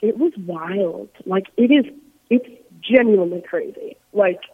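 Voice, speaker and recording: A woman's voice: medium pitch, measured pace, slightly rough, dry recording. A young woman calling in to a radio show from abroad, chatting casually and saying "like" constantly. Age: young adult. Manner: bubbly, says "like" a lot. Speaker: caller. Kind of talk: casual phone call. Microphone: phone. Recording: dull phone line.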